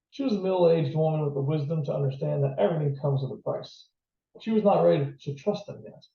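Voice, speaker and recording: Author reading his novel aloud, plain steady delivery, gravelly, slightly high voice, distant roomy sound. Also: muffled recording.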